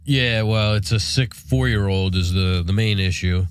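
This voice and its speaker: Thirties male podcast co-host, congested nasal cold voice, low-pitched, dry close sound, rambling casual chat. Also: unhurried, clean tone, no room sound. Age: 30s. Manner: easygoing, rambling with fillers. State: stuffy nose from a cold. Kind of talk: casual chat and read sponsor ads.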